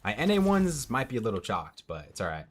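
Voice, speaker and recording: A man's voice: medium pitch, wildly swooping pitch, brisk. A young man streaming from home into a headset mic, casually commenting on a match and answering chat. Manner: chatty, reads out and answers chat.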